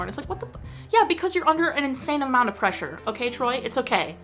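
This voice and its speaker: A young woman vlogger ranting in casual chat about a movie, animated and exasperated, with lots of filler words. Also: a little high, fast, faint music behind.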